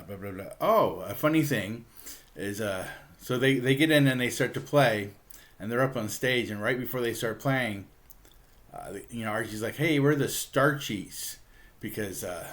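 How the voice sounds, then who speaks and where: A man with a somewhat low voice hosts a relaxed book review. He talks in an easygoing, halting way, filling pauses with ums and uhs and chuckling now and then as he walks through the story. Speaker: book reviewer, channel host. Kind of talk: casual comic book review.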